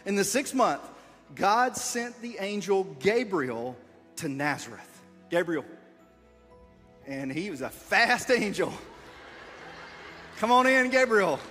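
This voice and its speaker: Man, high voice, playful and encouraging, reads the story and directs the volunteers, big echoey room. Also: lively intonation, slow pace, long pauses, a bit bright, soft background music. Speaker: leader of a children's skit. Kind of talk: reading a story aloud while directing volunteers. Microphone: wearing a body mic.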